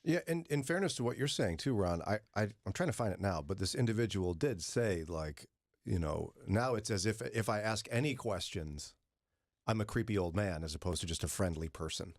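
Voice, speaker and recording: Lively, low-voiced male radio host. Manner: animated, sympathetic, quick to jump in. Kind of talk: casual radio talk.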